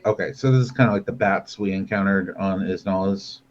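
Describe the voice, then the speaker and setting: Brief: male tabletop player, halting, muffled lo-fi line. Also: deep voice. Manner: hesitant, filler-heavy. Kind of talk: casual tabletop play. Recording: dull lo-fi mic with faint noise.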